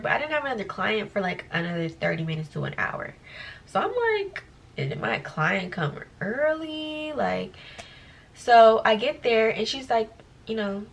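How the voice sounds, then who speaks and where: A young woman, a lash tech, telling a story casually and acting out what people said with big jumps in pitch. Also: distant mic, poor audio. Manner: animated, acts out quoted dialogue with big pitch jumps. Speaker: lash technician vlogger.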